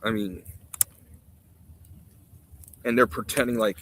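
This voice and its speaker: A man's voice: on the low side, fairly even intonation, slow pace, a bit bright, a little hiss or hum, low-quality recording. A man streaming live, reacting to a TV clip with sarcastic, mocking rants.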